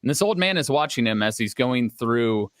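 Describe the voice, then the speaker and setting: A man co-hosting a charity livestream, telling a story in a calm, earnest, steady way. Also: medium pitch, normal speed, dry recording. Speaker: livestream co-host.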